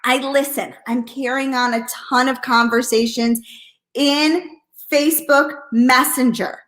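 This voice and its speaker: A woman coaching network marketers on a live stream, energetic and blunt, repeating "okay?" and acting out hesitant and excited voices. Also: high voice, measured pace.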